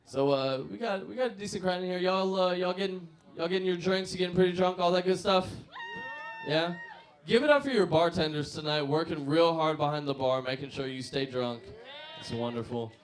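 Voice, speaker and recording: A man's voice: high voice, brisk. A man in his mid-twenties doing profane stand-up comedy and working the crowd.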